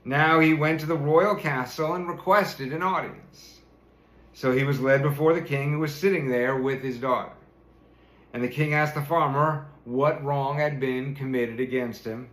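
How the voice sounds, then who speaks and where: A man's voice: a little high, fairly even intonation, moderate pace, fairly bright tone. A man reading a fairy tale aloud, chuckling now and then as he narrates. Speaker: storyteller. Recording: roomy echo.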